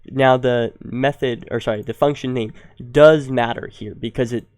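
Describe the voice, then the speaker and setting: A young man hosting a coding tutorial, explaining step by step and thinking aloud, with ums and quick self-corrections. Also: mid-range voice, darkish tone, no room sound. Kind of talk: screen-recorded coding tutorial.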